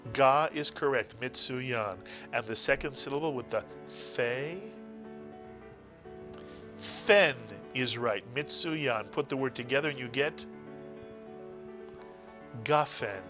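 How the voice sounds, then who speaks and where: A man's voice: medium pitch, fairly bright tone. A man teaching a recorded language lesson, patiently sounding out letters and syllables one at a time. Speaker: Hebrew teacher.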